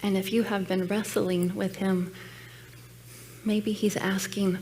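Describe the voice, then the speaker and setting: A woman's voice: mid-range voice, flat delivery, takes it slowly, a little mellow, a little hiss or hum. A woman giving a personal sermon message at a church, telling her story in an earnest, reflective way. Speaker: guest speaker at church. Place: church sanctuary.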